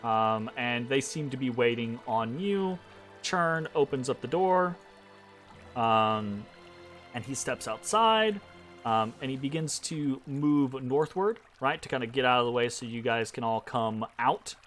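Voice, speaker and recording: A man's voice: mid-range voice, expressive, unhurried, a bit bright, soft background music. A man narrating a tabletop game as game master, hesitant and full of ums and restarts.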